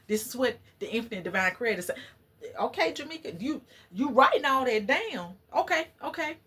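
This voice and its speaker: A woman's voice: on the high side, very animated, moderate pace, fairly bright tone, husky. A woman vlogger in casual, preachy chat with her viewers. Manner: chatty, preachy, talks to viewers as y'all. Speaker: channel host.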